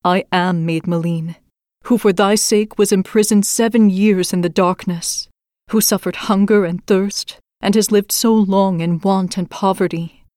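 A woman voicing a humble young maiden in a storybook reading, speaking in a plain, calm, earnest way. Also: medium pitch, measured pace, no echo, studio quality, lightly acted.

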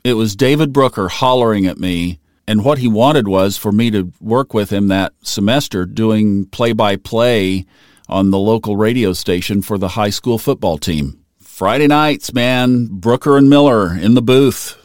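A man's voice: fairly low pitch, measured pace, no echo, studio quality. A middle-aged man telling a personal story in an earnest, conversational way, growing emotional at moments. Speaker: storyteller recalling his career.

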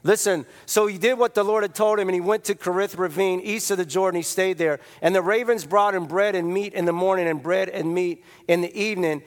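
A man preaching a sermon as a pastor, telling stories in an animated way and acting out the lines of the people in them. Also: sits high, a little fast, few pauses. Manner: animated storytelling, acts out quotes with comic voices. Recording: long reverb of a large hall.

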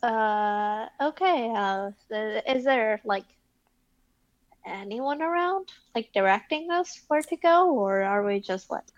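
A woman's voice: fairly high pitch, takes it slowly, no echo. A woman playing a tabletop game in character, rambling with many fillers. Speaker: player. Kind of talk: casual tabletop role-play. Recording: dull, dry lo-fi mic.

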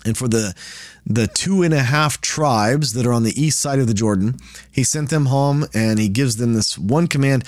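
A man's voice: medium pitch, moderate pace, no echo, clean studio sound. Casual man teaching Bible study. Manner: conversational, paraphrases scripture in lively quoted asides.

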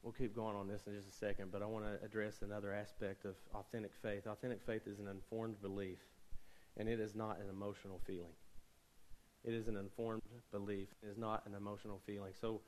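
A man's voice: on the low side, level tone, brisk, darkish tone, slight background noise, low-quality recording. A young man preaching a sermon as pastor, conversational with joking asides and rising emphasis.

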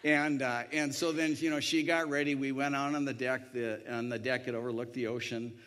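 A man's voice: mid-range voice, level tone, a little fast, a bit bright, slight background noise. A man telling a personal anecdote in a rambling way, with many restarts and voiced quotes. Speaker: storyteller. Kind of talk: anecdotal storytelling.

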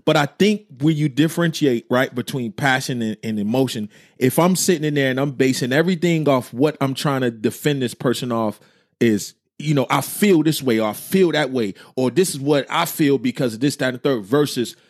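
Man, relaxed podcast co-host, thoughtful, reads comments out, dry sound. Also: mid-range voice, a little fast, dry recording. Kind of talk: casual chat.

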